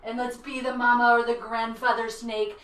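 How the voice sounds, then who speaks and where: A woman's voice: a little high, level tone, normal speed, fairly bright tone. A woman guiding a children's yoga class in a playful, encouraging way. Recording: roomy echo, mic at a distance.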